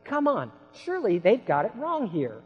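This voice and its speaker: A man preaching a sermon, telling a story dramatically and swinging between hushed lines and loud outbursts. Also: sits high, wildly swooping pitch, moderate pace, husky, muffled recording. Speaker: pastor. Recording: long hall reverb.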